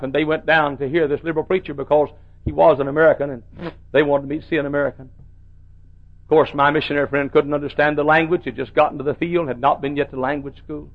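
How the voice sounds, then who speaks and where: Middle-aged man, pastor preaching from the pulpit, fairly high voice, dull old recording. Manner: preaching with big swings from soft to shouted. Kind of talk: sermon.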